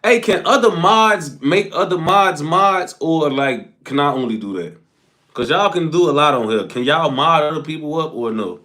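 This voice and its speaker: A young man hosts a casual live stream and reads his viewers' comments aloud. His voice sits a bit high for a man. He often closes a phrase with a low, trailing "folks.". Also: animated, normal speed, bright, forceful tone.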